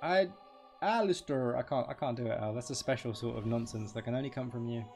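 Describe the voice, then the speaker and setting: A man's voice: mid-range voice, level tone, fast talker, gravelly, darkish tone, faint music behind. A man doing live game stream commentary, chatty and rambling, joking with his chat.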